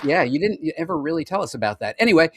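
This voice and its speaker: A man's voice: on the high side, big pitch swings, fast, fairly bright tone, a faint crowd, slight background noise. A man hosting a live video-call show, chatting casually and joking as he reels off lists. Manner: chatty and jokey, rattling off lists. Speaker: podcast host. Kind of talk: casual live-stream chat.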